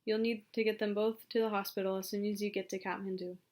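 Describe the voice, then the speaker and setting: A woman voices a calm male mountain guide in a spoken storybook. He talks firmly and plainly at a middle pitch, keeping things level. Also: fast talker, lightly acted. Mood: matter-of-fact.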